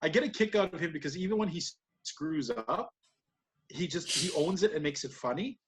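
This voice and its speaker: A man's voice: fairly high pitch, expressive, brisk. A man co-hosting a podcast, recapping wrestling matches in casual, rambling chat and laughing often. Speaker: podcast co-host.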